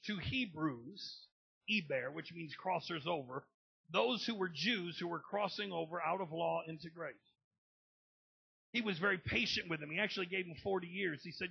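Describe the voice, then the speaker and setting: A male pastor preaching a sermon, dropping to low murmurs and then rising to shouted outbursts. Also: creaky, breathy edge, lo-fi sound.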